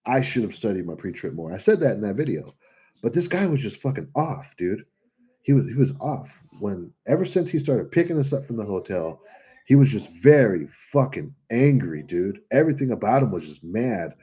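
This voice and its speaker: Profane, animated man with a husky voice. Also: fairly low pitch, moderate pace. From California. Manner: blunt, profane, animated storytelling. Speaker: trucker vlogger answering comments. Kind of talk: casual livestream chat.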